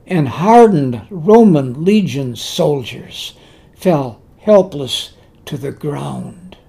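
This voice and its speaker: Slow, animated preacher giving a sermon. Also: medium pitch, vocal fry, slightly rough. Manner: emphatic, repeats key words; animated storytelling with restarts.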